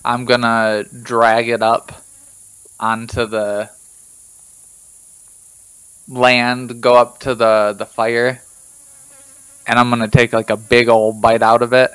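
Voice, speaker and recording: A man's voice: mid-range voice, flat delivery, slow pace, pauses often, fairly bright tone, clear, resonant tone, no echo, rough recording. A man playing a tabletop game, eagerly describing his character's actions and swearing casually. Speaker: player.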